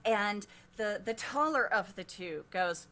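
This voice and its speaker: A woman running a tabletop game as game master, telling the scene at an unhurried pace. Her voice is bright and her pitch moves a lot. Faint noise sits under it. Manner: animated, descriptive storytelling.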